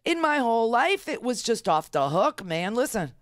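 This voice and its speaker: A woman's voice: on the high side, sing-song, moderate pace, no room sound, studio quality. A middle-aged woman hosting a political talk radio show, ranting emphatically with many fillers and restarts. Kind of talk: opinionated political commentary.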